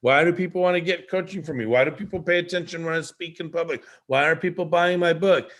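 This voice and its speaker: Man, host, leadership coach, animated, rhetorical questions, video call. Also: a little high, quick pace. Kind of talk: live online show talk.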